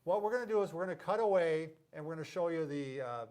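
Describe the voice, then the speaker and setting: A man's voice: fairly high pitch, lively intonation, fast, a little mellow. A middle-aged man who is a physical therapist, hosting a casual, joking explainer and tripping over medical terms. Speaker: physical therapist, show host.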